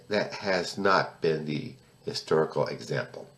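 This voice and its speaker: A sixty-year-old American man speaks in a fairly low voice, pressing his points with indignation. He repeats words for emphasis and restarts his phrases. The sound bounces around an echoey room. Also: expressive, unhurried, long pauses. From United States. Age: about 60. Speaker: political commentator and poet. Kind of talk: solo commentary to camera.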